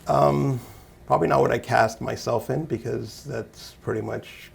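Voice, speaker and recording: A man's voice: medium pitch, fairly even intonation, unhurried, vocal fry, breathy edge. A man talking casually as an interview guest, rambling and self-deprecating, laughing often. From Canada. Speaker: interview guest, actor and musician.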